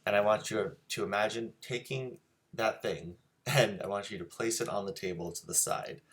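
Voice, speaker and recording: A man's voice: on the low side, moderate pace, a bit bright. A man hosting a casual live-streamed drawing lesson, easygoing and chatty with lots of ums as he greets viewers. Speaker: drawing teacher and show host.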